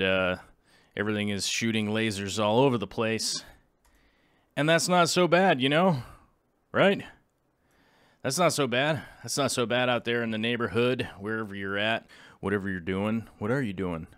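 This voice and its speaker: A man's voice: mid-range voice, fairly bright tone, smooth, dry recording, clean studio sound. Goofy man hosting a livestream. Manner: goofy, playful, rambling. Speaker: livestream host. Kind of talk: casual livestream chat.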